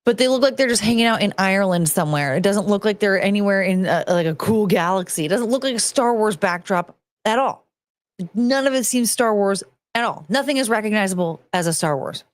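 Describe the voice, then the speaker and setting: A woman's voice: mid-range voice, lively intonation, brisk, no room sound. A woman hosting a podcast, ranting bluntly and casually, swearing and restarting her sentences. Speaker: podcast host. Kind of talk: casual opinionated rant.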